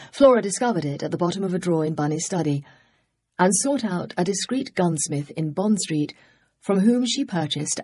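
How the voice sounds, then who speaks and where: Husky-voiced woman narrating a mystery. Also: sits low, dark tone. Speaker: audiobook narrator. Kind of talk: scripted narration.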